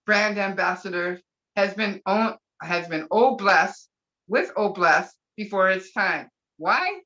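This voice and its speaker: Gushing woman on a lo-fi call. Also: mid-range voice. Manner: gushing and excitable, breaking into whoops. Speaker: brand ambassador. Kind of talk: excited live webinar talk.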